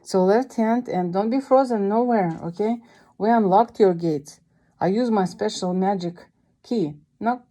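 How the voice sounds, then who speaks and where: A woman's voice: medium pitch, measured pace, muffled recording. A Russian-accented woman teaching piano to a young child, encouraging her with vivid imagery and sing-song cues.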